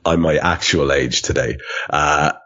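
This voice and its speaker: A man's voice: very deep voice, steady tone, unhurried, sharp tone. A man hosting a podcast in casual chat, rambling with lots of fillers and swearing. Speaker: podcast host. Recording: dull lo-fi podcast audio.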